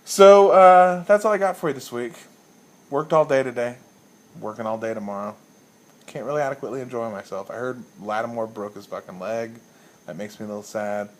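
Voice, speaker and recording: A man giving a casual, rambling comic monologue as a league commissioner, swearing freely and telling a story deadpan. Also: mid-range voice, brisk.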